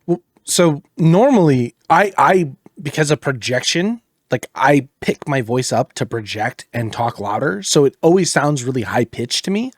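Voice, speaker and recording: A man's voice: mid-range voice, animated, moderate pace, few pauses, no room sound, studio quality. A man co-hosting a casual gaming podcast, telling stories animatedly and swearing casually. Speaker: podcast co-host.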